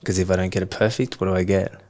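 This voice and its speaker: A man with a fairly low voice speaks in a reflective coaching conversation. He asks probing questions and then lays out his points in a calm, explaining way. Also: quick pace. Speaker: coach, podcast guest.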